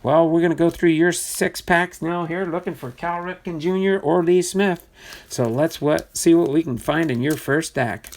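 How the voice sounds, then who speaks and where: A man hosting a live card-breaking stream, reading out names in a chatty way with sudden excited bursts. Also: fairly high pitch, normal speed. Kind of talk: live box-break commentary.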